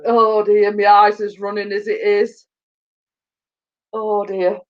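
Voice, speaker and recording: Chatty woman, slow and giggly. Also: mid-range voice, monotone. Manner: chatty, laughs often, gossipy storytelling. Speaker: YouTube live streamer. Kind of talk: casual chat with viewers. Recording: dull lo-fi sound.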